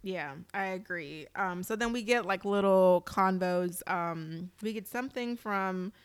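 Smooth-voiced woman chatting casually. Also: medium pitch, measured pace, dry recording. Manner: chatty, frequent fillers, acts out quotes. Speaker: podcast co-host. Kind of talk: casual recap chat.

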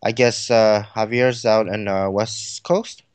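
男人，随意闲聊的播客主持人. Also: male voice, fairly low pitch, steady tone, takes it slowly, clean tone, no echo. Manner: rambling, filler-heavy, laughs easily. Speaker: podcast co-host. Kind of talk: casual chat.

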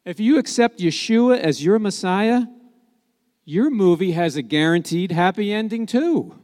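A man's voice: high voice, animated, unhurried, darkish tone, big-room sound. A man preaching a sermon in a conversational, emphatic way, with joking asides.

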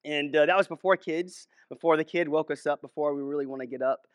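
A man's voice: a little high, steady tone, quick pace, hardly any pauses, a bit bright, no room sound, clean studio sound. A young man, a minister, giving a casual, conversational Bible teaching with many restarts and asides.

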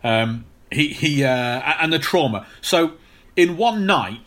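Podcast co-host, man, bright voice, halting explanatory delivery. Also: a little high, expressive. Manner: explanatory, hesitant with many fillers and restarts. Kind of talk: casual chat.

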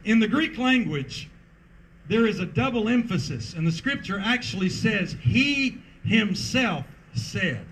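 High-voiced man preaching slowly outdoors. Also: very animated, a bit bright, slight background noise, low-quality recording. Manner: emphatic preaching with rhythmic repetition. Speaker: pastor. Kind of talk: sermon. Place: outdoor parking lot service.

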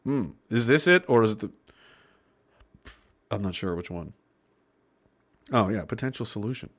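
A man's voice: fairly low pitch, lively intonation, normal speed, a bit bright. A man in his thirties hosting a stream, reading chat messages aloud and ranting with a lot of profanity. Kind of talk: casual livestream rant.

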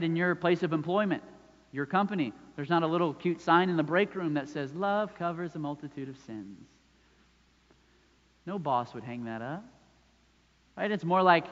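A man in his thirties preaching a sermon, talking conversationally and often checking in with "right?". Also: fairly high pitch. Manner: conversational preaching with frequent "right?" tag questions. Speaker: pastor. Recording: dull sound with long hall reverb.

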